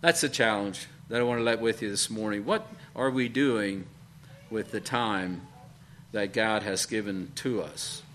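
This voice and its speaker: A man preaching a sermon, speaking in halting bursts with frequent fillers and repeated questions to his congregation. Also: fairly low pitch, fairly bright tone, a little hiss or hum. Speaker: pastor.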